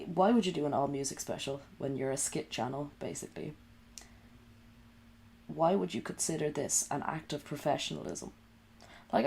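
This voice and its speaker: A woman's voice: low-pitched, gravelly, a little mellow. A woman streaming from home at night while sick and coughing, rambling in sweary, sarcastic casual chat. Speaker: livestreamer.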